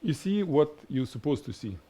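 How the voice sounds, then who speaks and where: A man's voice: on the high side, normal speed, breathy edge. Man with a strong Russian accent. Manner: animated, explains by demonstrating, laughs at himself. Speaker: photography instructor. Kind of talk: live-stream photography lesson.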